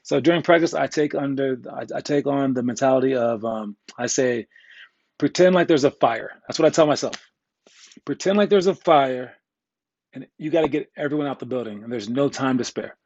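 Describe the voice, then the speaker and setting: A man's voice: mid-range voice, brisk, darkish tone, dry recording, lo-fi sound. A man coaching youth basketball players in a casual, candid way, joking and rambling, with slang thrown in. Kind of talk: casual instructional talk.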